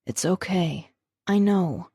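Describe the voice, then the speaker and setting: A woman voicing a hot-tempered young male werewolf in an audiobook, demanding and forceful, then tender. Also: sits high, lively intonation, unhurried, no room sound, clean studio sound. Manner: fierce, demanding. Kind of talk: audiobook character voice.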